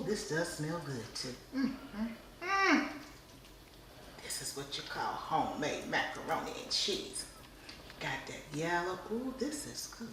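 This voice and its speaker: Cast: woman, cooking host, lowish voice, humming and half whispering, recorded off-mic in a booming room. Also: recorded from a distance, background noise. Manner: drifts into whispering, savoring hums. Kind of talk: casual cooking demo, tasting on camera. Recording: echoey room, voice away from mic.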